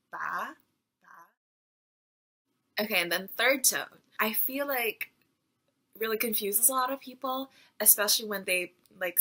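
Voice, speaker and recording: A woman's voice: mid-range voice, pushed and bright, low-quality recording. A woman giving a casual Mandarin pronunciation lesson, chatty and full of fillers, sounding out syllables as she goes. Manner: chatty, lots of fillers, demonstrates tones aloud. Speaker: Mandarin teacher.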